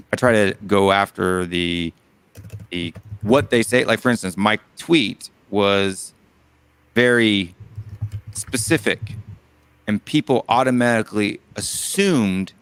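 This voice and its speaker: A man's voice: lowish voice, fairly bright tone, smooth, no echo. A man with an American Southern accent, co-hosting a casual debate chat and making his case earnestly with many restarts.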